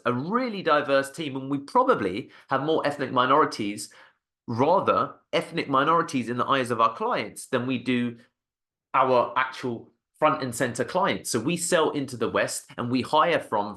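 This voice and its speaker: A man's voice: mid-range voice, expressive, moderate pace, pushed and bright. Agency founder, male, mid-range voice; punchy, repetitive motivational delivery. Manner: emphatic, repeats for stress, frequent "okay?". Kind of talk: motivational talk to camera.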